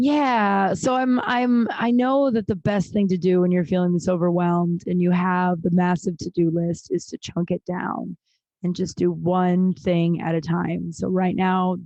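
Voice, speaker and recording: A woman's voice: fairly low pitch, darkish tone, dry recording, highs cut off. Rambling woman podcasting from a closet. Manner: rambling, candid, frequent restarts and swearing. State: tired and overwhelmed. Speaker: podcast host. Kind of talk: casual solo podcast chat. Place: small closet at home.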